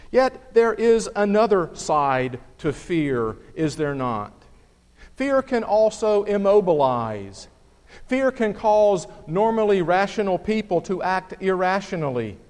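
A man's voice: high-pitched, sing-song, a little mellow. Man preaching in a reverberant hall. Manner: measured, deliberate preaching with slow emphatic pauses. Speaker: pastor. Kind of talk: sermon with scripture reading. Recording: long reverb of a church hall.

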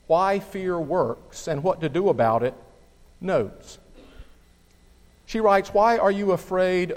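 A man preaching a sermon, reading scripture and speaking in a measured, deliberate way with slow, emphatic pauses. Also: on the high side, darkish tone. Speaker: pastor. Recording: long reverb of a church hall.

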